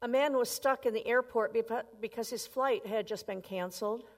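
A woman's voice: a little high, moderate pace. A woman preaching a sermon in a conversational way, often asking her listeners questions. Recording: long reverb.

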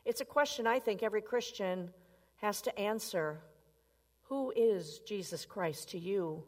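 A woman's voice: mid-range voice, unhurried. A woman preaching a sermon in a conversational way, often asking her listeners questions. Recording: long reverb.

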